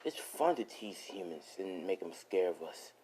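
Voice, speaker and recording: A man voicing a bored teenage demon boy who talks in a flat, grumbling way. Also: sits low, normal speed, slightly rough, exaggerated voice. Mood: musing.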